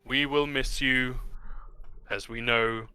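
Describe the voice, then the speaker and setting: A man voicing a solemn elderly male village counselor who gives a booming farewell. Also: steady tone, slow pace, sharp tone, smooth, soft background music.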